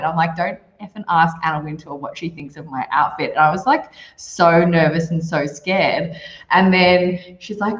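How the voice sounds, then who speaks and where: A woman, a podcast guest, telling stories in a casual, animated way and acting out the people she quotes. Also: fairly low pitch, moderate pace. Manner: animated, quoting people in shifting voices. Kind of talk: casual storytelling. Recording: lo-fi roomy remote audio.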